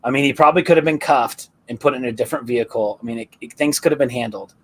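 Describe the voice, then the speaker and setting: A man's voice: medium pitch, racing, fairly bright tone. A man on a casual live panel talk who argues emphatically and drives his points home by repeating them. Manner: emphatic, hammering repetition.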